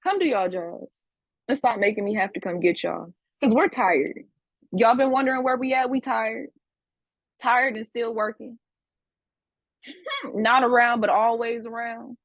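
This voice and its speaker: A woman's voice: on the high side, steady tone, measured pace, pauses often, dry recording, lo-fi sound. A woman teaching a class, scolding her students with profanity and repeating herself for emphasis. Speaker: spiritual teacher. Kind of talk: livestream class lecture.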